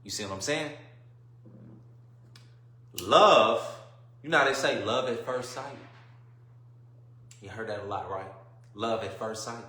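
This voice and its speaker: Guy preaching on his live, lowish tense voice, keeps going "you see what im saying", echoey room. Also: measured pace, long pauses. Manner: swings between quiet musing and loud preaching bursts. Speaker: livestream host. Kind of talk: preachy livestream monologue.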